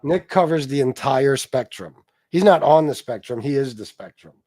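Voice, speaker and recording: A man's voice: medium pitch, lively intonation, moderate pace, mellow, dry recording, clean studio sound. A man hosting a livestream, commenting on a video in a casual, profane, laughing and sarcastic way. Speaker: livestream host reacting to a video.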